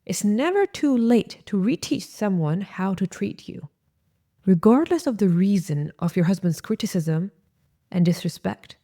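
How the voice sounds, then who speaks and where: A woman speaks in a gentle, coaching tone, giving advice to listeners. Her voice sits a little low and sounds warm and mellow. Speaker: relationship advice host. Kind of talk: advice talk to camera.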